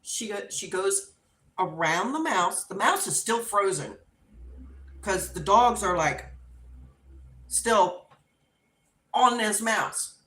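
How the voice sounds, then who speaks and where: A woman's voice: medium pitch, lively intonation, slow, long pauses, fairly bright tone. A woman hosting a live stream, telling a story casually and with animation, laughing and acting out voices. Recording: roomy echo.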